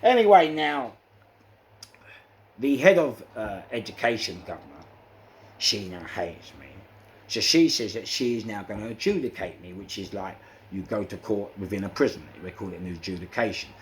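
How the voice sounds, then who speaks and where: A man with a London accent tells his stories with lively animation, his voice sitting on the lower side. He acts out each exchange, peppers his talk with "you know", and a faint hiss of noise runs underneath. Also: normal speed. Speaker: interviewee recounting prison life. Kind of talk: animated storytelling.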